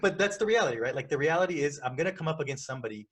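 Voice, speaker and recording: A man's voice: a little high, rapid-fire. A man hosting a casual podcast conversation, talking animatedly and persuasively, acting out phone calls as he argues his point. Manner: animated, acts out phone calls in quoted voices; persuasive, repeats points for emphasis. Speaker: podcast host.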